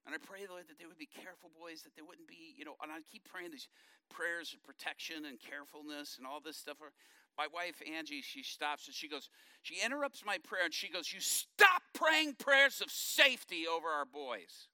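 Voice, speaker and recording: Middle-aged male preacher, somewhat high, very bright tone, lively storytelling sermon delivery. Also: brisk, dry recording, studio quality. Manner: animated storytelling, acting out quotes. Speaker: pastor.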